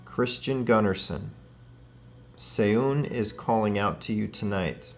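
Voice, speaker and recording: A man hosting a paranormal spirit-box session, earnestly and gently calling out names and passing on messages. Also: on the low side, slow, vocal fry, a little hiss or hum.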